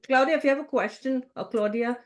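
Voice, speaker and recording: A woman's voice: high voice, fast. Chatty woman hosting a video call. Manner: chatty, laughing, stammers and restarts. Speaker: host of a networking event. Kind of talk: casual moderated chat.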